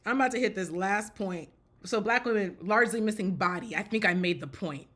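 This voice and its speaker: Blunt, joking woman with a bright voice. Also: mid-range voice, fairly quick. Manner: blunt, joking, self-interrupting, laughs often; repeats and restarts phrases. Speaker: commentator. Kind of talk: casual spoken commentary.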